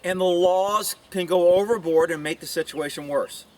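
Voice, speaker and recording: This is a middle-aged man, a police officer, giving his opinions bluntly in an offhand talk to camera, with chickens close by outside. His voice is a little mellow and moves at normal speed, wandering into asides and slipping into high, mocking voices for women he quotes. He's recorded somewhat far from the microphone.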